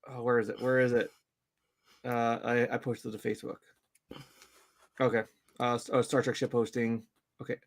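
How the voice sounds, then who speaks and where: A man co-hosting a casual chat show, talking in halting bursts with many restarts. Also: mid-range voice, fairly bright tone, clear, resonant tone. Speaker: podcast co-host.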